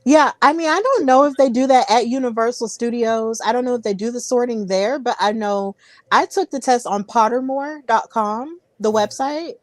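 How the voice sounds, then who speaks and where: A woman's voice: on the high side, moderate pace, no echo. A woman hosting a wrestling podcast, chatty and giggly, often repeating herself. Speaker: podcast host. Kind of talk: casual podcast interview.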